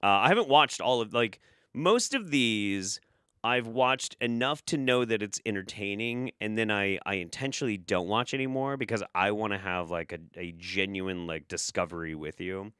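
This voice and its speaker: A man's voice: fairly low pitch, moderate pace, a bit bright, clean tone, no room sound, clean studio sound. A man hosting a casual commentary show, sarcastic and rambling, swearing often. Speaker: host.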